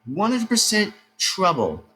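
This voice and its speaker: Young male YouTuber, slightly high voice, agitated rant, faint hiss behind. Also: huge pitch swings, measured pace, sharp tone, rough recording. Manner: agitated, repetitive, swearing. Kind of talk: angry rant to camera.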